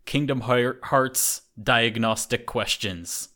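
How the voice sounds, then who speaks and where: A man's voice: mid-range voice, slow, pushed and bright. A man hosting a casual podcast chat, talking loosely with lots of fillers and restarts. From English-speaking country. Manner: rambling with frequent fillers and restarts. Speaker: podcast host.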